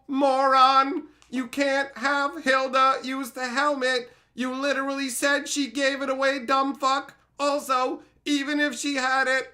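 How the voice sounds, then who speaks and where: A furious machine mind yells abuse at a careless author, as a man puts it on. The voice jumps high and loud, bright and tense, hurling profanity. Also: full character voice. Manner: shouting, swearing. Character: furious male lore-checking AI, insulting.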